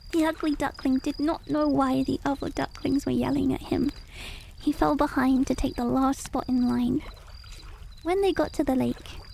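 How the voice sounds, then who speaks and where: A woman's voice: high voice, creaky, mellow, a little hiss or hum. A woman reading children's stories aloud on a stream, playful, with chatty asides. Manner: playful, chatty asides and laughs between lines. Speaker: storyteller.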